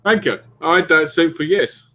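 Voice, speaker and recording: A man's voice: a little high, moderate pace, sharp tone. A man from the East End of London, chatting casually as a podcast co-host and telling teasing, jokey stories. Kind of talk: casual chat.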